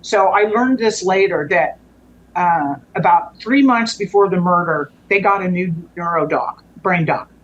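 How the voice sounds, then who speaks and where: A woman's voice: fairly low pitch, unhurried, muffled recording, slight background noise. A woman guest telling a personal story in a conversational way. She often stops and restarts her sentences and lets phrases trail off.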